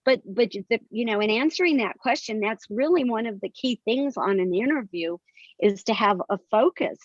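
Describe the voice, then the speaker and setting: A woman's voice: fairly high pitch, lively intonation, normal speed, no echo. An older woman, a guest author, telling detailed stories earnestly in a conversational interview. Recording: dry, slightly dull sound.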